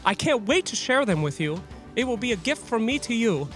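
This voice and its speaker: A high-pitched man with a bright, ringing tone, roving the show floor as an event host. His voice leaps up and down as he teases his colleagues and cracks jokes at full energy. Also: a little fast, faint music behind. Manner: playful, energetic and teasing. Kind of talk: joking live broadcast banter.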